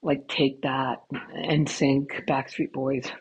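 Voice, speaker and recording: A woman's voice: extremely low pitch, level tone, takes it slowly, husky. A woman hosting a podcast from home with her cats, telling chatty, rambling, profane stories into a headphone mic that cuts in and out, in a dull lo-fi recording. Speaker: podcast host. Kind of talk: casual storytelling. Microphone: headphone mic cutting in and out.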